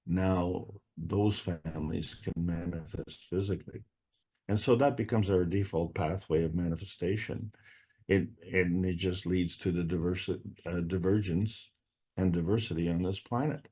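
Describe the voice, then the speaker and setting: A man's voice: deep voice, warm tone, breathy edge. A man giving an unscripted spiritual lecture, meandering and repeating phrases, often posing rhetorical questions.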